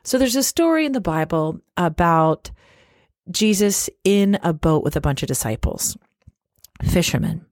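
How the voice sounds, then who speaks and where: Earnest woman podcaster, lowish dry voice. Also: lively intonation, measured pace, darkish tone, no echo. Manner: earnest and encouraging, speaks straight to the listener. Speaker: podcast host. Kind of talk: faith-based motivational podcast talk.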